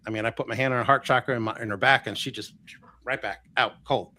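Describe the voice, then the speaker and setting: A man in his sixties, an energy healer and guest on a live show, telling stories in a chatty, animated way full of quoted dialogue. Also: medium pitch, fast talker. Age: 60s. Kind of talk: casual storytelling on a live show.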